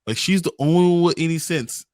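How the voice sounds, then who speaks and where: A man co-hosting a casual movie review chat in an animated way, laughing and exclaiming as he goes. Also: on the high side, fast, dry recording, clean studio sound. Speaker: podcast co-host.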